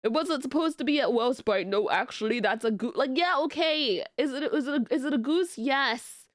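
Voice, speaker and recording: A young woman streamer chatting casually with her viewers, telling stories in animated, laughing rants. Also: sits high, moderate pace, no room sound, studio quality. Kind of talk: casual live-stream chat.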